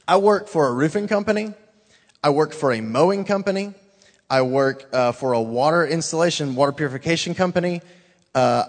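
A man with a fairly high voice gives an earnest, excited church testimony, urging listeners on in loose, casual talk. His words ring out with a long reverb, as if he stands in a large hall. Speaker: church youth worker giving a testimony. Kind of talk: informal testimony to a congregation.

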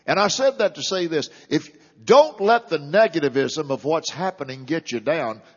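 Impassioned pastor preaching in a reverberant hall. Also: male voice, fairly high pitch, animated, moderate pace. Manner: impassioned preaching, rising and falling emphasis. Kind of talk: sermon. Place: church sanctuary. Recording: dull, lo-fi, long hall reverb.

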